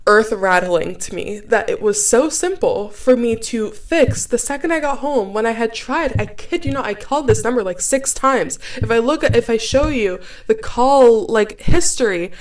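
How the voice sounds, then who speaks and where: A young woman in her twenties from Cameroon, hosting a podcast and telling a story in a chatty, animated way, full of "like". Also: on the high side, moderate pace, few pauses. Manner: chatty, animated, heavy use of "like". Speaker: podcast host. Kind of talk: casual storytelling.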